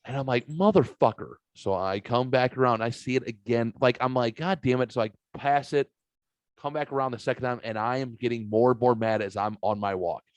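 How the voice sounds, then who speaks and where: A man's voice: medium pitch, fairly even intonation, brisk, smooth, dry recording. A man hosting a casual podcast, telling rambling, profane anecdotes and mimicking other people's voices. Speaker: podcast host. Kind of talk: casual podcast chat, storytelling.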